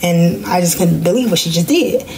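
A young woman, telling a personal story in a casual podcast vlog and jumping into high voices when she quotes people. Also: moderate pace, creaky, darkish tone, slight background noise. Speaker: podcast host.

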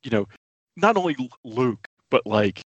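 A man hosting a podcast, talking in a casual, excited way with lots of restarts and fillers. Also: mid-range voice, moderate pace, dry recording, muffled recording. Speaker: podcast host. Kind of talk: casual chat.

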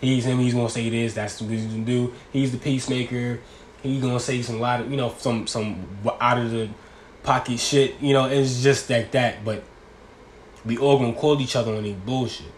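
A man's voice: mid-range voice, fairly even intonation, moderate pace, a little hiss or hum. Rambling young man, casual slang. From New York. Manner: loose, rambling, slangy talk with laughs. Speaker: vlogger. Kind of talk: casual chat.

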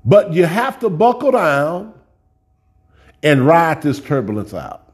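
A man's voice: on the high side, sing-song, takes it slowly, husky. A man preaching a sermon in a folksy, direct way, often repeating words as he builds up a point.

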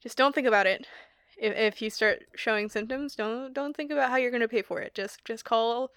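A woman's voice: a little high, fairly quick, a bit bright, clear, resonant tone, dry recording. Chatty young woman with a dry close sound. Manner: chatty, rambling, laughs often, many fillers. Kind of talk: casual chat.

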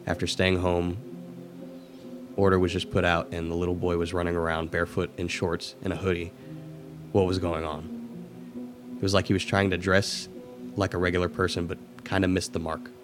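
A man co-hosting a podcast, reading a spooky story aloud in a steady, measured way. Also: deep voice, music in the background. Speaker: podcast co-host.

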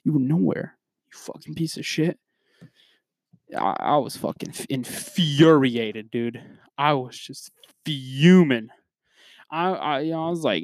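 A young man hosting a podcast, ranting in a profane, animated, rambling way. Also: a little high, normal speed, no echo, clean studio sound. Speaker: podcast host. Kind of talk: casual ranting monologue.

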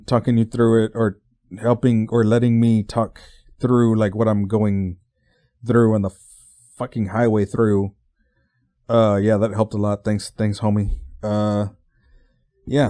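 A man's voice: on the low side, mellow, no echo, clean studio sound. A man in his twenties from Texas, hosting a podcast and telling a rambling, profanity-laced story with lots of stumbling restarts. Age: 20s. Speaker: podcast host.

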